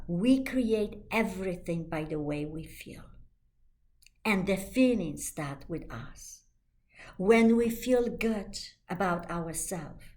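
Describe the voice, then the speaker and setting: A woman life coach delivers a motivational talk slowly and emphatically, in a soothing, repetitive way. Her voice is fairly low and warm, and her English phrasing is slightly non-native.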